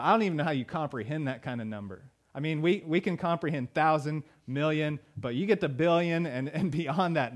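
A male pastor delivering a sermon in a conversational way, with fillers and emphatic repeated lines. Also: on the high side.

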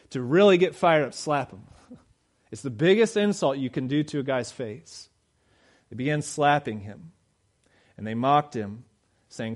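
A man delivering a sermon in a plain, conversational way, with a voice of ordinary pitch for a man. He presses his points with direct rhetorical questions to the listeners. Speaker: pastor.

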